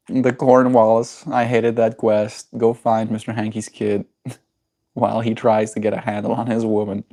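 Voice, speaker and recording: A man's voice: fairly low pitch, level tone, normal speed, mellow. Chatty South African man streaming. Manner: rambling, chuckling, reacting to chat. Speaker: livestreamer. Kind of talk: casual live-stream chat.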